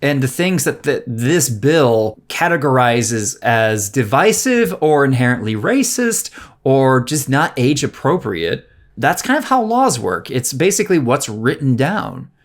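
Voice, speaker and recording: A man's voice: mid-range voice, sing-song, a little slow. A man co-hosting a podcast, talking bluntly and with a lot of profanity in casual political chat. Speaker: podcast co-host.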